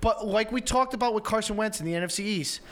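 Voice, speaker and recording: A man with a high voice co-hosting a casual football talk show. He lays out his division rankings point by point, sounding sure of himself. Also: quick pace, fairly bright tone. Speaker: sports show co-host. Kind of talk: casual sports debate.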